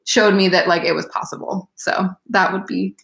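A woman's voice: mid-range voice, little pitch movement, moderate pace, gravelly, a bit bright. A woman dietitian co-hosting a podcast, gushing and talking in a casual way with many "like" fillers. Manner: gushing, heavy use of "like" fillers. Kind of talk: casual chat. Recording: echoey room.

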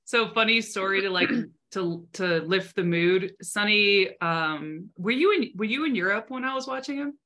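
A young woman co-hosting a podcast in casual chat. Her voice has a bright, forward edge. She tells stories animatedly and swears freely. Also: medium pitch, moderate pace, hardly any pauses. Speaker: podcast co-host.

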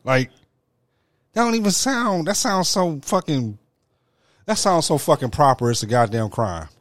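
A man at a middling pitch whose voice leaps around as he reacts with crude disbelief. The studio sound is close and dry. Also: big pitch swings, moderate pace, no room sound. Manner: incredulous, profane reactions, mocking put-on quotes. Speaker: podcast host. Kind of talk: crude casual banter.

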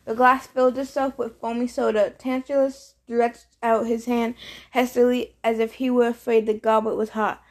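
A woman reading a chapter of a novel aloud in steady storytelling narration. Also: a little high, moderate pace. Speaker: reader. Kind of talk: audiobook reading.

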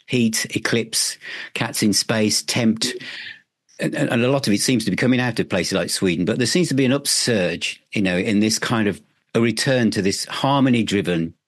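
Male host, lower pitch, dry sound, enthusiastic long-winded questioner. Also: moderate pace, no room sound. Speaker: podcast host. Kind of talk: podcast interview.

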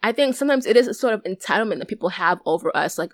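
A young adult woman talks through her own thoughts on a solo podcast, earnest and open. Her voice sits at an everyday middle pitch, and she often circles back over a phrase before she finishes it. The sound is dry and close, with no room around it. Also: animated, rapid-fire, no room sound. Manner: candid and earnest, often repeating and restarting phrases. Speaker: podcast host. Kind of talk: solo reflective podcast monologue.

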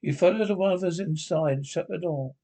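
Narrator: a man reading a storybook aloud, raised pitch, gravelly, stumbling over words. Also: fairly quick, mellow. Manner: unpolished reading with frequent slips and restarts.

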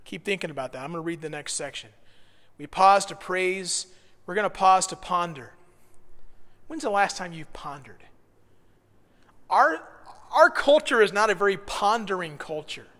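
A man leading a devotional Bible study, earnest, moving between hushed reflection and excited praise. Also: high-pitched, moderate pace, long pauses, big-room sound. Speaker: pastor.

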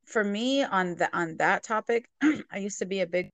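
A woman's voice: mid-range voice, expressive, moderate pace, fairly bright tone, no echo. A young woman speaking reflectively and matter-of-factly about her own experiences in candid conversation.

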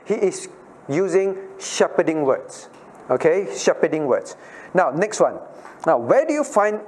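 Pastor teaching a Bible class. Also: male voice, on the high side, a little hiss or hum. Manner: questions listeners by name, repeats key phrases. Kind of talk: interactive Bible study teaching.

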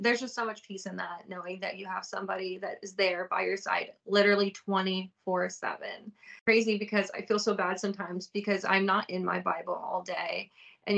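A woman with a gravelly, bright voice speaks earnestly and testifies in a relaxed faith conversation. Her pitch stays flat. She sits a little away from the mic. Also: distant mic. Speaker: podcast co-host. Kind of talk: casual faith chat.

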